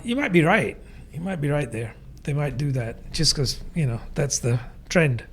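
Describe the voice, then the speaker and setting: A man co-hosting a podcast in casual chat, measured and agreeable. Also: a little high, lively intonation, slight background noise. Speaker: podcast co-host.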